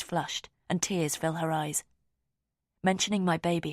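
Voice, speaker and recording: A woman narrating a first-person audiobook in a quiet, measured, intimate way. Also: low voice, fairly even intonation, dry recording, clean studio sound.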